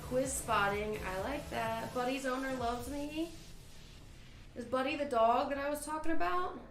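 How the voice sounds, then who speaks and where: A trivia host runs an online livestream, giggling often as she reads questions and chats. Her high-pitched voice is a little slow, and the room has an echo with faint music.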